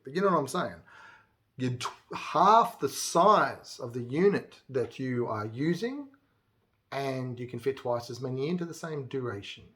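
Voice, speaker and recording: A man's voice: medium pitch, expressive, unhurried, fairly bright tone. A man casually teaching music theory, counting beats aloud and now and then singing a line. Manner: chatty, counts beats aloud and breaks into song. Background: acoustic guitar playing.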